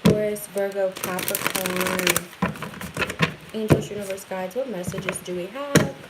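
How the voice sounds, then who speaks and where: Excitable woman doing a tarot reading. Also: medium pitch, a little slow, very noisy. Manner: excitable, affirming, addresses viewers directly. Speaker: tarot reader. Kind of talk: casual tarot reading to camera.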